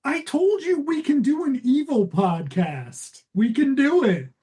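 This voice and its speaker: A woman's voice: high-pitched, animated, a little slow, warm tone, low-quality recording. A woman co-hosting a comedy podcast, chatting casually and retelling plots with laughter. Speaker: podcast co-host.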